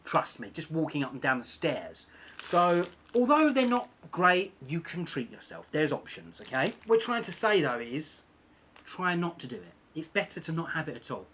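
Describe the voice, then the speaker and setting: A man's voice: fairly high pitch, very animated, moderate pace, a bit bright, a little hiss or hum. A man talking casually in a vlog, chatty and self-deprecating, repeating points for emphasis. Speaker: vlogger.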